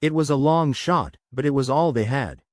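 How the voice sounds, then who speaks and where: A man narrating a science fiction story in a scripted, expressive reading. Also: mid-range voice, normal speed, no room sound, studio quality.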